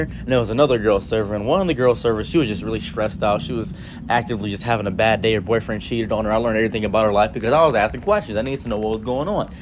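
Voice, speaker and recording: Casting: young guy, casual rambling storyteller, lively, mid pitch. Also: noisy background. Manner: animated, rambling, filler-heavy.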